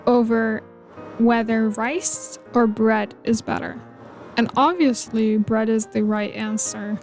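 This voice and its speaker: Chatty woman with a mellow voice. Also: fairly high pitch. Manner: rambling, playful, lots of "like" and "you know". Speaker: video game builder vlogger. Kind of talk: casual chat over gameplay. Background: faint background music.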